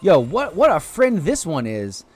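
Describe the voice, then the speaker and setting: An excitable man streaming a game live, chatting with viewers as he plays. His voice sits a little high and swings widely, leaping up in bursts of excitement. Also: unhurried, slightly rough, no room sound. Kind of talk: live gameplay commentary.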